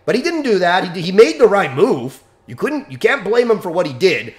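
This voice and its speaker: A man's voice: high-pitched, sing-song, normal speed, few pauses. Angry, heated male dog trainer ranting. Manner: blunt, heated, swearing, rhetorical questions. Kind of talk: angry direct-to-camera rant.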